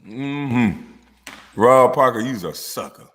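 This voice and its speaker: A man in a lively comedic rant, mocking and profane, his pitch swinging widely. His bright, slightly husky voice carries a long reverb from the room. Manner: animated, mocking and profane, with drawn-out hums.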